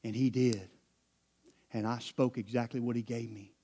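A middle-aged man, preaching a sermon as pastor, dropping to low murmurs and rising to loud, high climaxes. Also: level tone, normal speed.

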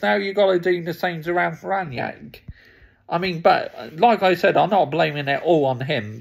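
A man in a fired-up fan rant, frustrated and swearing freely. His voice sits a little high for a man and carries a gravelly, fried edge. He talks off the cuff, unscripted and worked up. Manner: angry, frustrated, heavy swearing. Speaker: football fan vlogger.

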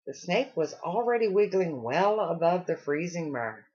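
A woman reading a children's storybook aloud with expressive storytelling. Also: on the low side, moderate pace, husky, muffled recording. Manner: expressive storytelling with acted character lines. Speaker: storybook reader.

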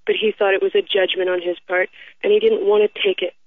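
A woman's voice: mid-range voice, flat delivery, fast talker, no room sound. A woman calling in to a radio talk show, speaking in an earnest, preachy way over the phone. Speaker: caller. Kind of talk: casual call-in chat. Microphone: telephone. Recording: tinny phone line.

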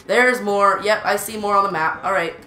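Excitable woman narrating gameplay, echoey room. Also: medium pitch, moderate pace. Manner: excitable, repeats urgent exclamations, stammers often. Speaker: gaming channel host. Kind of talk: live gameplay commentary.

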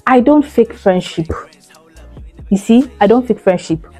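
Woman, 30s, warm mellow tone, emphatic and repetitive, faint music under. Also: on the high side, expressive, a little slow. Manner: chatty, emphatic, repeats phrases, addresses viewers as girl. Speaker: vlogger. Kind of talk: casual talk to camera.

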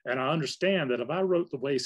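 A man's voice: fairly high pitch, fast talker, highs cut off. A man who is a novelist, giving a conversational workshop lecture on writing in a loose, rambling way. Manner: conversational, loose, with fillers and restarts. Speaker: guest speaker, novelist.

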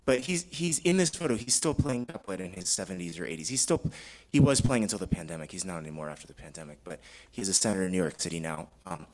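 Low-voiced man giving a thoughtful talk. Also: animated, quick pace, poor audio. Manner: thoughtful, hesitant, with restarts. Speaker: fellowship presenter. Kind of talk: academic presentation with read-aloud quotes.

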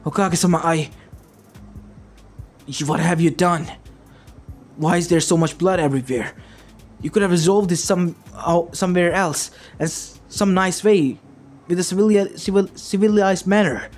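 A man's voice: on the high side, fairly even intonation, rapid-fire, few pauses, lightly acted. A man voicing a shaken adult male ninja teacher who stammers and trips over his words, over faint background music. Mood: flustered. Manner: stammering, flustered.

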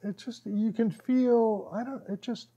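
Telling stories to a small group at a workshop, a man with a very high voice speaks a little slowly. He stays casual and animated, laughs often, and acts out the lines he quotes.

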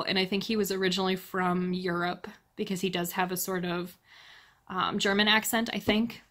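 A woman's voice: medium pitch, a bit bright. Chatty woman reviewing books, laughing often. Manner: blunt, exasperated asides. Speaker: book reviewer. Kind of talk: casual book review chat.

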